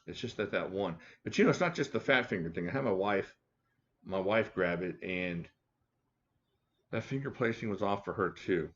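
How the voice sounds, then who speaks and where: A man's voice: low voice, expressive, moderate pace, slightly rough, highs cut off. A man hosting a casual live stream from home, chatting and joking with viewers by name. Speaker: live stream host reviewing knives. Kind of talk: casual live chat reading viewer comments. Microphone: desk mic at a home setup.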